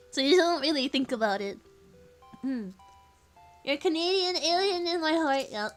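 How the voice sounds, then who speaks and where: Californian woman streamer, high and giggly, chatty, faint music under her voice. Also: lively intonation, a little slow, pauses often. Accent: Californian American. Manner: giggly, chatty, says "like" often. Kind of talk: casual live-stream chat, reading chat aloud.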